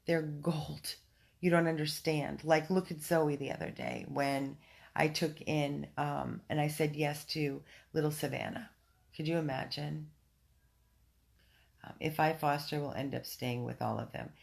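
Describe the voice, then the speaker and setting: A woman's voice: sits low, steady tone, measured pace, creaky. A woman hosting a casual livestream from home on her phone, reading viewer comments and chatting in an effusive way, full of ums and restarts. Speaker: dog rescue volunteer hosting a livestream.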